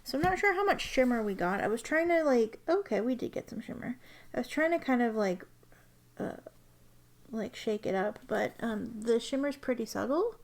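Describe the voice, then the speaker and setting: Young woman vlogging at her desk, kinda high voice, lots of ums and likes, camera mic. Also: animated, moderate pace. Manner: chatty, rambling, lots of fillers. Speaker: ink vlogger. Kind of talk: casual chat.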